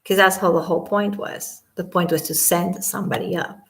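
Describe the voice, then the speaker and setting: Woman with a gravelly fry going off on a case, fired up, keeps repeating herself. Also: fairly low pitch, fairly even intonation, fairly quick, fairly bright tone. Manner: indignant, emphatic, repeats herself. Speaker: commentary vlogger. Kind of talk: casual spoken commentary.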